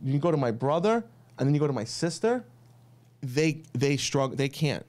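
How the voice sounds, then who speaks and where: A man's voice: on the high side, normal speed. A man, a pizza chef telling family stories as a guest in a casual podcast chat. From United States. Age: 30s. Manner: storytelling, animated when quoting family.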